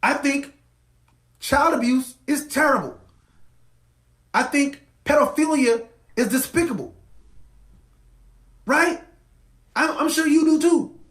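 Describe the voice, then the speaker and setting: A man's voice: very high-pitched, slow pace, long pauses, a bit bright, echoey room, low-quality recording. A man hosting a podcast, delivering an impassioned commentary monologue with emphatic repetition. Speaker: podcast host.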